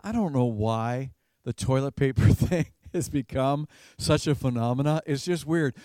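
A man's voice: medium pitch, normal speed, mellow, no echo, clean studio sound. A man preaching a sermon as a pastor in a conversational way, chuckling now and then and repeating words as he goes.

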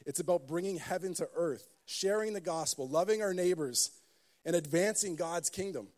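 A pastor preaching a sermon, telling stories with joking asides and building emphasis. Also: male voice, a little high, a little mellow.

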